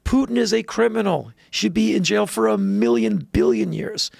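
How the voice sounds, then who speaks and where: A man guest telling a story in a casual podcast chat, animated, jumping into loud high voices when he quotes people. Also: normal speed, vocal fry, no room sound. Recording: dry close podcast mic.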